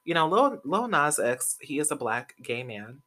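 A man's voice: a little high, big pitch swings, measured pace, bright, forceful tone. A young man hosting a podcast, chatting casually and gossiping about pop culture, swearing freely and laughing often. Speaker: podcast host.

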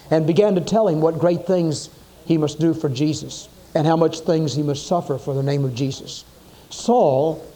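A man's voice: a little high, warm tone. A man preaching a sermon, telling Bible stories dramatically and acting out the quoted voices.

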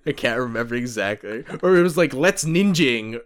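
A man co-hosting a casual chat, lively and quick to laugh at his own jokes. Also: mid-range voice, a crowd in the background.

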